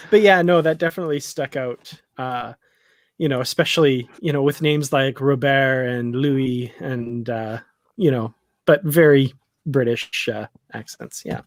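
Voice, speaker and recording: A man's voice: medium pitch, a little slow, no echo. A man co-hosting a live discussion show, talking casually and rambling with lots of fillers. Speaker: podcast co-host. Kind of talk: casual chat.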